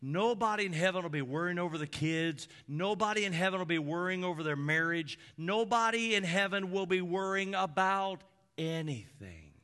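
A man preaching a sermon from the pulpit as a pastor, with emphatic repeated lists that swing between loud peaks and hushed drops. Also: high voice, lively intonation, normal speed, smooth.

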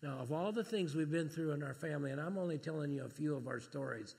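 A man preaching a sermon and telling family stories, talking plainly and then rising to loud, excited preaching. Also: a little high, fast, creaky, slightly rough, long reverb tail.

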